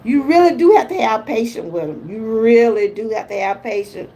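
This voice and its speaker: A woman's voice: on the high side, lively intonation, a little fast, warm tone, low-quality recording. An older woman hosting a casual motivational livestream, chatty and folksy, talking to viewers as she reads out their comments. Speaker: lifestyle vlogger hosting a livestream.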